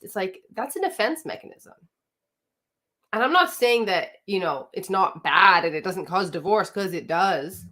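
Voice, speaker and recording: A woman's voice: mid-range voice, animated, moderate pace, pushed and bright. A woman marriage coach giving a live coaching talk, speaking directly and emphatically and often putting questions to her audience.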